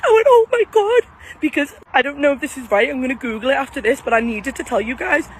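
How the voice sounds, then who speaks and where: A woman's voice: high voice, quick pace, fairly bright tone, slight background noise, poor audio. A woman filming herself on a phone outdoors at a graveside, crying and shaking as she tells viewers what just happened. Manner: breathless, tearful, talks straight to viewers. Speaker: vlogger. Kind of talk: emotional vlog to camera. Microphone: phone camera.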